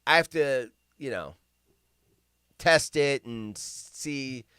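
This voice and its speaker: A man's voice: medium pitch, very slow, sharp tone, smooth, no room sound, clean studio sound. A man hosting a casual livestream. He rambles and sounds sarcastic and incredulous as he reacts to news stories. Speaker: livestream host.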